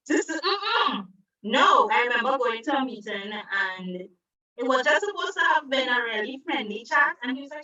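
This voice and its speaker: A woman from Trinidad, an environmental advocate and author, speaking as an interview guest and telling stories with lively quoted voices. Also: on the high side, moderate pace, far from the mic, lo-fi sound. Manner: animated storytelling, acts out quoted voices. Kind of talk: conversational interview. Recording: roomy echo, away from the mic.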